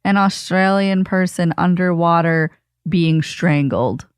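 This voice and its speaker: A woman's voice: on the low side, slow, clear, resonant tone, no room sound, studio quality. A woman co-hosting a comedic podcast, bluntly teasing the host.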